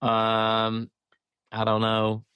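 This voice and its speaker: A man's voice: fairly low pitch, monotone, extremely slow, bright, forceful tone, smooth, dry recording. A man co-hosting a podcast, speaking modestly and hesitantly. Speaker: podcast co-host. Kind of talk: casual chat.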